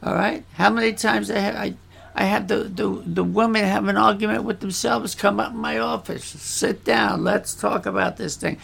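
A man's voice: high-pitched, steady tone, normal speed, vocal fry, fairly bright tone, slightly rough. A male pastor talking frankly about his church, bluntly, acting out the voices of people he quotes. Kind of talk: casual talk about church life. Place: church in the Philippines.

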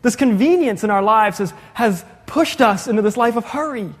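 Male pastor, conversational sermon, highish voice, long hall reverb. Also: animated. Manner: conversational, asks the congregation questions, quick jokey asides. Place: church sanctuary.

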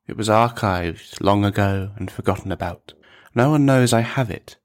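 Brief: male narrator, low voice, measured deadpan storytelling. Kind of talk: scripted narration of a dark comic story.

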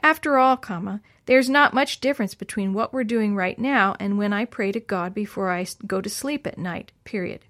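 A woman's voice: medium pitch, normal speed, few pauses, a bit bright, close to an everyday voice. A woman voicing an earnest, thoughtful boy who speaks carefully.

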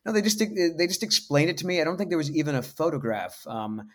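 A man in his forties from the United States, a voice actor telling stories in a casual interview, laid-back and halting, self-deprecating. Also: fairly high pitch, big pitch swings. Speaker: voice actor guest.

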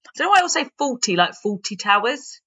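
A woman's voice: on the high side, sing-song, fast talker, fairly bright tone, husky, muffled recording. A British woman co-hosting a podcast, patiently explaining consumer rights in casual chat and laughing easily. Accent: British English.

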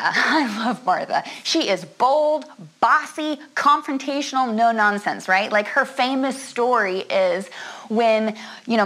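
A woman giving a conversational sermon, chatty and expressive, often laughing and checking in with her listeners. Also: a little high, low-quality recording. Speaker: preacher.

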